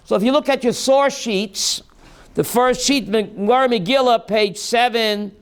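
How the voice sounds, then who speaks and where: A man's voice: extremely high pitch, unhurried, smooth. A man teaching a Torah class as a rabbi, mixing jokes with questions to his students. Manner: joking, calls on students by name, asks the class questions.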